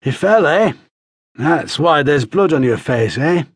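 A male narrator playing a grey-haired jail guard who talks gruffly and curtly. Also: a little high, animated, unhurried, dry recording, pitched above the performer's own voice. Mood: mocking. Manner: gruff, dry and curt.

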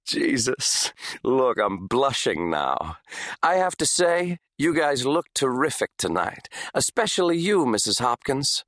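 A man voicing a pale, starstruck autograph seeker who gushes and talks a little too loud in an audiobook. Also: mid-range voice, big pitch swings, measured pace, no echo, studio quality, voice pushed up. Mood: fawning.

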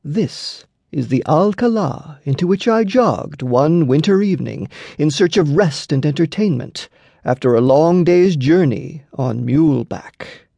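A man narrating an audiobook story in an unhurried storytelling manner. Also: a little high, expressive, gravelly, warm tone, no room sound, dull audio. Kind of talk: scripted narration.

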